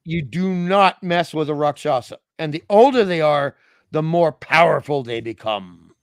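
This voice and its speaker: A man from Australia co-hosting a casual comedic podcast chat, excitable and jokey, laughing often. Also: a little high, moderate pace, clean tone, no room sound. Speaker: podcast co-host.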